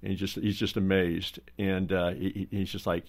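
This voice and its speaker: A pastor with a fairly low voice talks on a roundtable. He teaches steadily and pastorally, using everyday stories to drive the point home. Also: little pitch movement, moderate pace, a little mellow. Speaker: pastor and co-host.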